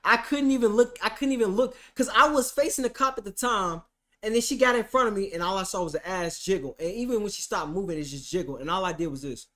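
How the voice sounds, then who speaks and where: His voice sits high and he talks fast as he spins a comedic courtroom story on stream. The man is animated and foul-mouthed, alternating between shouting and hushed remarks.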